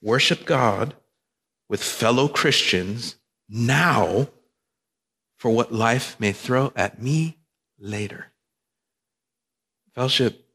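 A man's voice: mid-range voice, a bit bright. A male pastor preaching a sermon, emphatic and repetitive, with joking asides. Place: church sanctuary. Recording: long reverb of a church hall.

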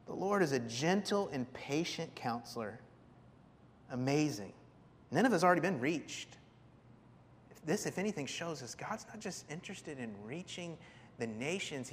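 Male preacher, high voice, animated sermon, acts out characters, long hall reverb. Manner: animated, acts out voices of biblical figures with big pitch jumps.

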